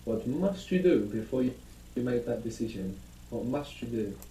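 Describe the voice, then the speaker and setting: Patient male language teacher, mellow tone, on echoey speaker playback from a distance. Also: mid-range voice, expressive, moderate pace, a little hiss or hum. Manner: patient, explanatory, guiding questions. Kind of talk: recorded audio lesson. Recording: echoey audio played from a speaker across a room.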